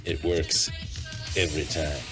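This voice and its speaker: An actor playing a self-assured man who states nonsense with a deadpan confidence. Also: a bass voice, measured pace. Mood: smug. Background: loud music.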